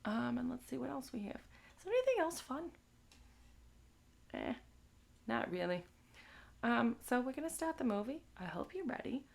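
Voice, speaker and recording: A woman's voice: fairly high pitch, sing-song, normal speed, vocal fry, long pauses. A young woman hosting a live movie stream, chatting crudely and tagging her lines with "all right?". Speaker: livestream movie host. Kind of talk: casual chat to a live audience.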